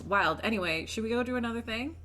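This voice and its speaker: A woman's voice: fairly high pitch, quick pace, pushed and bright. A woman playing in a tabletop game, chatting playfully. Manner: playful, laughing. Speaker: player. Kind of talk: casual chat.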